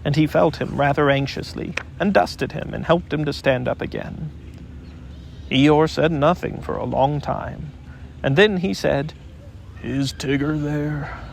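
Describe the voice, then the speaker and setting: A man narrating a children's storybook audiobook in an expressive, gently paced reading. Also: a little high, a little slow, gravelly, slight background noise.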